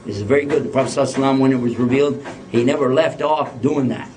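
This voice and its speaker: A man's voice: mid-range voice, rapid-fire, a little mellow. A man giving an Islamic lecture to a live audience, joking and putting questions to the listeners. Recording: voice a bit distant from the mic.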